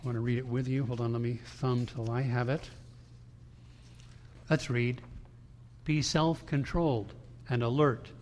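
A man's voice: mid-range voice, fairly even intonation, unhurried, long pauses, darkish tone, a little hiss or hum. A man preaching a sermon to his congregation in a conversational style, with frequent restarts and emphatic quoted lines. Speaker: pastor. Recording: long hall reverb.

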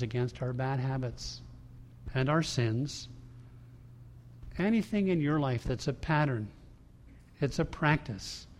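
A man preaching a sermon to a congregation, emphatic and swinging between hushed lines and loud ones. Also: mid-range voice, slight background noise. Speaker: pastor. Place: large church room before a congregation. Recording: long hall reverb.

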